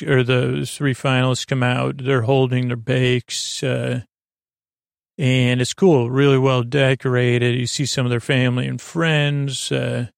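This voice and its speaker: A man's voice: mid-range voice, gravelly, no room sound, studio quality. A man hosting a sleep podcast, casually recapping a show in a rambling, hesitant way with many fillers, sometimes getting choked up.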